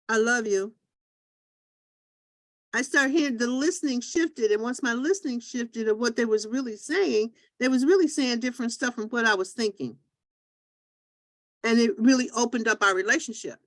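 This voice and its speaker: A woman hosting a talk show, telling lively stories and acting out what other people say. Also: on the high side, no echo, studio quality. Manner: lively storytelling, acts out voices of others. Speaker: host. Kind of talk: group talk show on listening.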